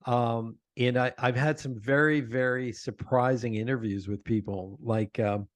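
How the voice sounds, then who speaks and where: Lively, dry-sounding man telling stories. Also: medium pitch, measured pace, no room sound. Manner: animated storyteller, laughs often. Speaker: podcast host, guest. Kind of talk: conversational interview.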